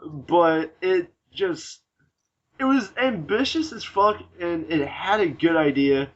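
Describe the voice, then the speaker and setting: A man's voice: a little high, animated, slow pace, muffled recording. A young man hosting a casual gaming podcast, rambling, swearing freely and laughing at his own jokes. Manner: profane, giggly and rambling. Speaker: podcast host. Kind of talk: casual chat.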